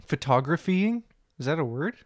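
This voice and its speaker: Laughing male co-host, slightly high voice. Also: big pitch swings, normal speed. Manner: laughs often, riffs and jokes back. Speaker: podcast co-host. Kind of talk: crude comedic banter.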